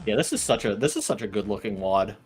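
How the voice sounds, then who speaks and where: A man's voice: on the low side, fast talker, music in the background. A young man chatting casually on a voice call with a friend who is streaming, laid-back and prone to repeating his opening words. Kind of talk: casual chat.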